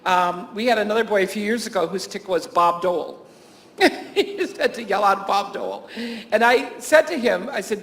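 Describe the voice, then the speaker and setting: High-voiced man telling chatty anecdotes. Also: normal speed, gravelly, fairly bright tone. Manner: anecdotal, chuckling often, many fillers and restarts. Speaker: teacher and camp staff speaker. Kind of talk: conference talk to health professionals.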